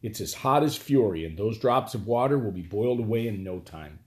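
A man voicing a sly, calm court magician. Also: lowish voice, close to an everyday voice. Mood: measured. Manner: calm, measured, quietly theatrical. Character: cunning, calm older male court magician.

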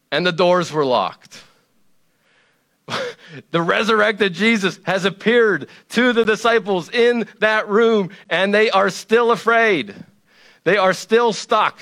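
Slightly high-voiced conversational male preacher. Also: fairly bright tone. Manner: conversational and playful, with emphatic repetition. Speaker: pastor. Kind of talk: sermon.

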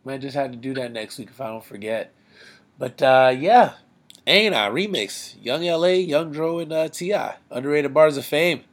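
A man's voice: medium pitch, expressive, moderate pace. A man hosting a podcast in laid-back, slangy casual chat, breaking down rap verses with his co-host.

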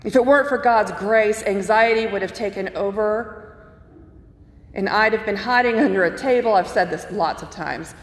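A woman pastor giving a sermon, telling personal stories in an earnest way and slowing down to stress key phrases. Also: mid-range voice. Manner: earnest, personal storytelling with emphatic slowed phrases. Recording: echoey hall with long reverb.

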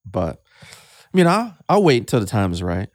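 A man in his fifties, a father speaking with emotion in a casual podcast talk, halting and repeating words as he gets choked up. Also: fairly low pitch, wildly swooping pitch, dry recording, studio quality. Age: 50s. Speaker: guest, host's father.

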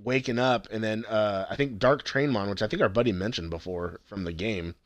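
A man's voice: fairly low pitch, fairly quick, no echo. A young man casually recapping an episode with a co-host, swearing a lot and acting out the scenes. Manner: profane, excitable, acts out scenes with voices. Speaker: podcast co-host recapping an anime. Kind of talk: casual chat.

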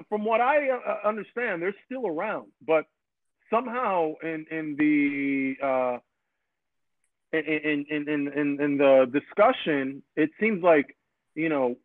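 A man hosting a casual podcast chat. He talks in an animated, rambling way, repeats his words and acts out what other people said. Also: on the high side, dry recording. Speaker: podcast host. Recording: dry phone-like audio.

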